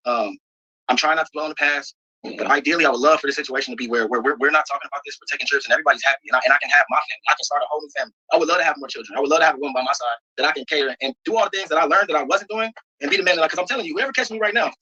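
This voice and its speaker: An earnest man answers interview questions emotionally and explains himself at length. He talks very fast, and his voice is bright but husky. The clip sounds dull and lo-fi. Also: fairly high pitch. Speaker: interview guest.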